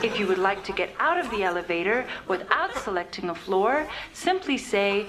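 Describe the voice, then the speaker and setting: A woman voicing a polite, unflappable automated elevator voice in a TV comedy sketch, giving calm and measured announcements. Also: mid-range voice, close to an everyday voice. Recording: TV sketch with studio laughter and background noise.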